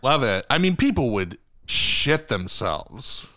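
A man's voice: medium pitch, big pitch swings, takes it slowly, bright, forceful tone, dry recording, studio quality. A man co-hosting a podcast in casual chat, joking and rambling, swearing now and then. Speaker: podcast co-host.

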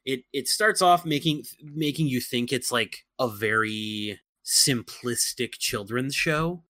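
A man co-hosting a podcast, talking earnestly in casual chat, halting with many fillers. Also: mid-range voice, bright, forceful tone, no room sound. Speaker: podcast co-host.

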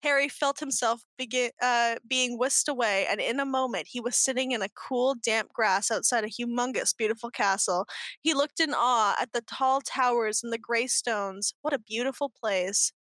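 A woman's voice: fairly high pitch, normal speed, a bit bright, no echo. A woman co-hosting a show, reading fanfiction aloud in a mock-earnest, giggly way. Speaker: podcast co-host.

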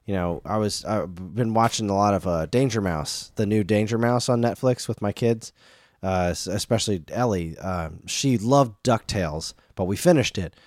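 A man's voice: lowish voice, moderate pace, darkish tone, dry recording, studio quality. A man in his thirties co-hosting a casual chat show, rambling off on tangents. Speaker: podcast co-host.

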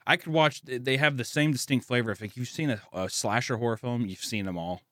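A man's voice: mid-range voice, fast talker, dry recording, studio quality. A man from the States, telling stories in casual, profane podcast chat. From Southern United States. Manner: profane, animated storytelling. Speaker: animator, podcast guest.

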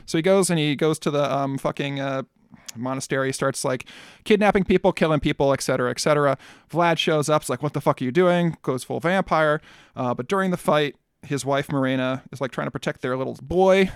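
Man podcast co-host, a bit high, gravelly; casual, profane, meandering storyteller. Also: a little fast, no echo, clean studio sound. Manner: profane, loose storytelling with many fillers and restarts. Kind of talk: casual chat, rambling plot retelling.

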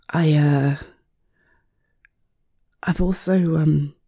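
A young woman in a one-sided audio role-play as a caring partner, gentle and soothing with hesitant pauses, close to the mic. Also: low-pitched, vocal fry, slightly rough, no room sound.

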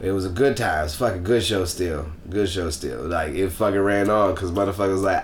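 A man, co-hosting a podcast and telling a story in a profane, animated way, acting out shouts. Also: deep voice, fairly quick, hardly any pauses, slight background noise. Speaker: podcast co-host. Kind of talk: casual storytelling chat. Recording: echoey room.

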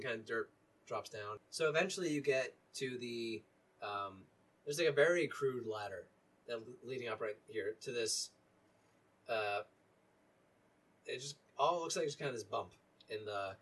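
Man as dungeon master, mid-pitched, halting and relaxed, slightly distant from the mic. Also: husky. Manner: relaxed, halting, many fillers. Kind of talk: narrating a tabletop game.

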